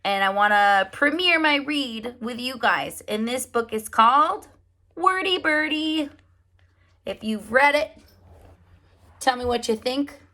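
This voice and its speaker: A woman preschool teacher reading picture books aloud to young children, animated and often asking them questions. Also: fairly high pitch, measured pace. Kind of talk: storybook read-aloud for children.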